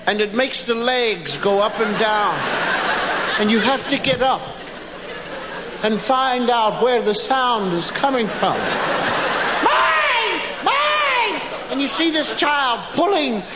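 A man's voice: very high voice, a little slow, a loud crowd. A man doing stand-up, telling family stories and acting out the voices of his wife and children, recorded live in a hall. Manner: acts out family voices, squealing child impressions. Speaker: stand-up comedian. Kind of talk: stand-up storytelling. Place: stage before a laughing audience. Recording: dull live recording in a hall with ambient noise.

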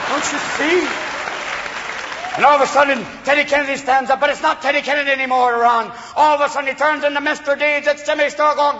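High-voiced male stand-up comic, fast ranting delivery, dull live club recording. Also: fairly even intonation, in a large hall, a faint crowd, slight background noise. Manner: rapid ranting with frequent voices and shouts. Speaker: stand-up comedian. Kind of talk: stand-up routine. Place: comedy club stage.

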